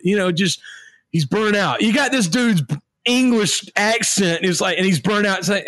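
A man with a Southern American accent, co-hosting a podcast in casual, animated chat, laughing and breaking off mid-sentence. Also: sits high, normal speed, dry recording, studio quality. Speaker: podcast co-host.

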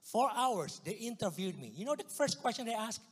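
A man with an Indonesian accent telling his testimony in a church, in a storytelling manner that swings from hushed to loud outbursts. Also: high-pitched, very animated, fairly quick, hardly any pauses, husky, in a large hall. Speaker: guest speaker giving testimony. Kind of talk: sermon testimony.

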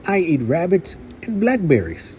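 A man voicing a curious, gentle young male lion, eager and earnest, in a storybook reading. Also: high voice, sing-song, a little slow, slight background noise. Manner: wide-eyed, eager and earnest.

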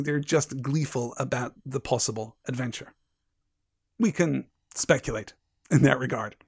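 A man's voice: fairly high pitch, a little mellow, no room sound, studio quality. A man hosting a podcast and giving a reflective, emphatic literary analysis. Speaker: podcast host.

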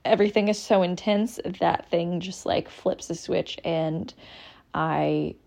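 Slow, rambling woman podcaster. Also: on the low side, creaky, a little mellow. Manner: rambling, frequent ums and restarts, candid and confessional. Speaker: podcast host. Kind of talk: casual solo podcast monologue.

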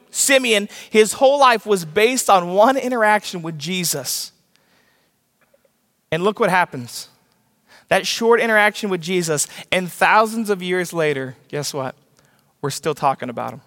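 High-voiced man preaching in a reverberant hall. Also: animated, measured pace, fairly bright tone. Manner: storytelling, rhetorical questions to the room. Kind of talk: sermon.

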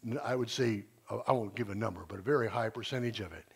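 A man's voice: lowish voice, fast talker, vocal fry, slightly rough. Earnest older man preaching informally. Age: 60s. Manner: earnest, rambling with restarts. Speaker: retired teacher speaking at church. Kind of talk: informal sermon talk.

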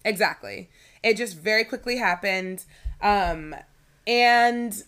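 A woman's voice: mid-range voice, slow, fairly bright tone, clear, resonant tone. A woman co-hosting a podcast in a casual chat, leaning heavily on "like" as she talks. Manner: chatty, leans heavily on "like". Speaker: podcast co-host.

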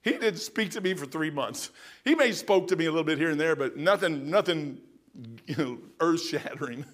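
High-voiced folksy preacher man. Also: lively intonation, brisk. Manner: folksy, storytelling, emphatic, addresses listeners as "man". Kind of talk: sermon.

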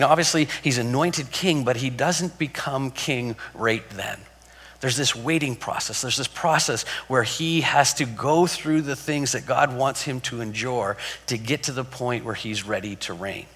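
A man's voice: medium pitch, a bit bright. A man preaching a sermon in a conversational way, repeating words and asking rhetorical questions. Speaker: pastor. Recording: long hall reverb.

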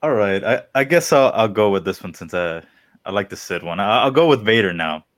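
A man co-hosting a casual wrestling podcast who talks haltingly, repeating words as he goes. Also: fairly low pitch, lively intonation. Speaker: podcast co-host. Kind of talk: casual chat.

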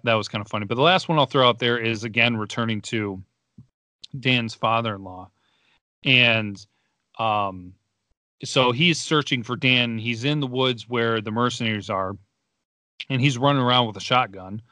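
A man's voice: mid-range voice, moderate pace, pushed and bright, no echo. A young man casually reviewing a movie in a rambling, laid-back way, laughing as he goes. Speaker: podcast co-host.

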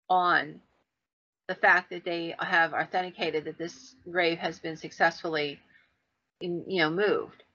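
A woman podcast host telling stories in a casual, animated way, acting out the people she quotes. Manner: animated, acts out quoted voices with big pitch jumps. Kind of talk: casual storytelling. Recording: dull lo-fi sound.

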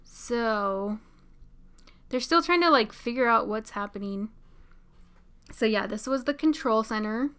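Giggly young woman, bright clear voice. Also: a little high, measured pace, pauses often. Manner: chatty, giggly, excitable, many "like" fillers. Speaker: show reaction commentator. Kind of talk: casual live reaction commentary.

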